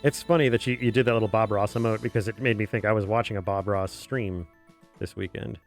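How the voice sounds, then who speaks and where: A man's voice: lowish voice, fairly even intonation, quick pace. A man casually chatting on a drawing stream, rambling, chuckling and muttering to himself as he works. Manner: rambling, chuckling, muttering softly while working. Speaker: webcomic artist streaming. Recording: faint music behind.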